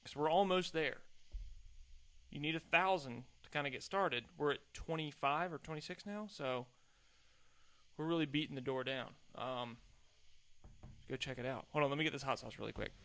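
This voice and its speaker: A man's voice: on the high side, normal speed, fairly bright tone. A young adult man hosting a solo podcast, chatting in a rambling, self-deprecating way at a desk mic. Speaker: podcast host.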